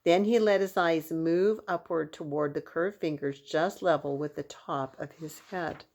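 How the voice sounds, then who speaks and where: A woman's voice: deep voice, unhurried. Woman reading a children's story aloud. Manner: expressive storytelling. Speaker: reader.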